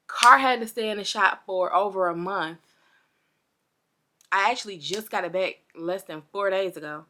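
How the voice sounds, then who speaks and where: A young woman telling a storytime vlog to her viewers, chatty and animated, a little parched and under the weather. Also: medium pitch. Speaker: vlogger.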